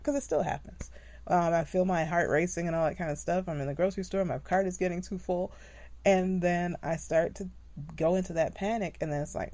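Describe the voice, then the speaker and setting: A woman's voice: on the low side, warm tone, no echo. A woman hosting a podcast, chatting casually and laughing often at herself. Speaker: podcast host, empowerment specialist. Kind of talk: casual solo podcast talk.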